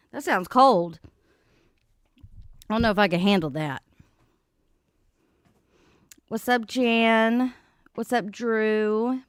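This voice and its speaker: A woman's voice: medium pitch, clear, resonant tone, no room sound. A woman hosting a casual livestream from home beside an open back door, chatting and greeting viewers by name. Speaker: livestream host. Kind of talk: casual live chat. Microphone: desk microphone.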